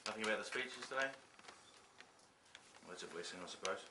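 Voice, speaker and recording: A man's voice: lowish voice, fairly quick, close to an everyday voice. A man playing a weary, dry campaign manager. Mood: resigned. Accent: New Zealand. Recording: echoey room, distant noisy mic.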